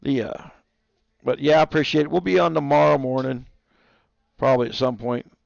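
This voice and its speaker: A man's voice: mid-range voice, fairly quick, creaky, dry recording, highs cut off. A man streaming and casually rambling through a funny story to his viewers. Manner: rambling storyteller, chuckling, talks to his dogs. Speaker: livestreamer.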